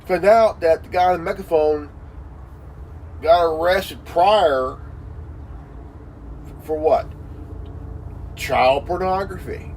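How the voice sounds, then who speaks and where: High-voiced man in a swearing rant. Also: slow pace, long pauses, darkish tone, far from the mic, a little hiss or hum, rough recording. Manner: repetitive, heavy fillers like "you know" and "man"; crude, swearing, insulting. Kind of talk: profane casual rant.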